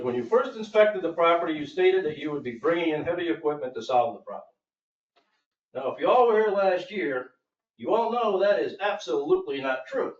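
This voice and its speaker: A man's voice: fairly high pitch, reverberant, far from the mic, muffled recording. Aggrieved man at a public meeting. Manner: aggrieved, emphatic storytelling, voices others in quotes. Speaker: property owner speaking at public comment. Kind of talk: public comment at a board meeting.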